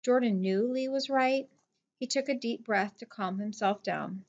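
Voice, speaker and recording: A woman narrating a novel in a steady, plain storytelling voice. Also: on the high side, unhurried, muffled recording. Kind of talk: audiobook narration.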